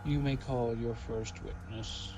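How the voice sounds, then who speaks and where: A man voicing a fussy, slow-witted elderly judge who speaks formally and muddles his words. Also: medium pitch, fairly even intonation, background noise, natural voice. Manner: formal, slightly muddled rulings. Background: game music.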